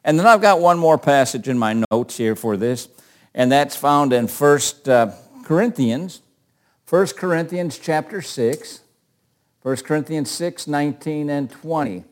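A man's voice: a little high, expressive, a little slow. An older man teaching a Bible class in a conversational way, asking questions and calling on readers.

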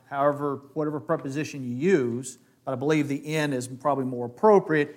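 A man's voice: mid-range voice, a little fast, hardly any pauses. A man teaching a Bible class lesson, talking with energy and putting questions to his class. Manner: animated, asks the class questions.

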